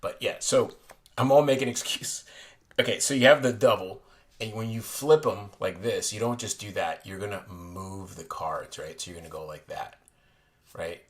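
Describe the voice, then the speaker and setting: Rambling, chatty low-voiced man. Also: normal speed. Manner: rambling, self-correcting, chatty. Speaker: playing card reviewer. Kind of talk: casual tutorial vlog. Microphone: desk camera looking down on hands.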